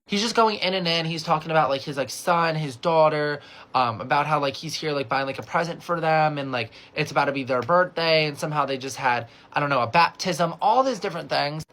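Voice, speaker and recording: A man's voice: on the high side, fast, fairly bright tone. A young adult man from California telling a casual storytime, chatty and swearing freely, with lots of "like" as he acts out the dialogue.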